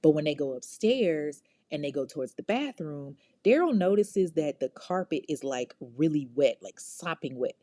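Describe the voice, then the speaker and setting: A woman hosts a true crime podcast, telling the story in loose, profane slang and talking straight to her listeners. Her voice sits low and mellow. The sound is dry and close. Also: expressive, moderate pace, few pauses, no echo. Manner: casual, slangy, profane, talks to listeners directly. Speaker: podcast host.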